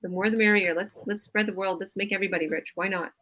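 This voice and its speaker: Bright-voiced, effusive woman coach. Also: medium pitch, fairly even intonation, quick pace, low-quality recording. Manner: effusive, enthusiastic praise. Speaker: business coach hosting a live stream. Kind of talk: casual live-stream chat.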